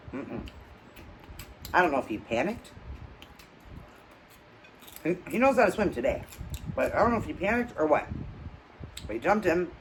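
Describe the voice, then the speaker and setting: A woman's voice: slight background noise, poor audio. Woman casually retelling a childhood scare. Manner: animated retelling with acted quotes, trailing off into low murmurs. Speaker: channel host. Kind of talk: casual storytelling while eating.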